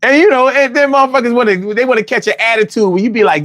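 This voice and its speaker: Brief: male call-in host, high voice, brash and profane, ribs callers, loops his lines. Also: fairly even intonation, fast talker, no room sound. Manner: loud, profane, teasing and repetitive. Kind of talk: casual livestream chat.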